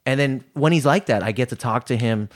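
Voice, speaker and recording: A man's voice: mid-range voice, brisk. A young man co-hosting a podcast, chatting casually, rambling with restarts and swearing freely. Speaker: podcast co-host. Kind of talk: casual chat.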